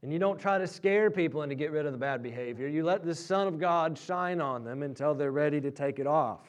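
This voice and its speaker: Pastor preaching, voice rising high. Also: male voice, a little fast, lo-fi sound. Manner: storytelling, rising loud and high at climaxes. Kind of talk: sermon.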